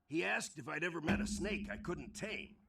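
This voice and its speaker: A gravelly old snake charmer. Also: male voice, a little high, very animated, moderate pace, bright, forceful tone, recorded from a distance, heavily acted. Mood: odd.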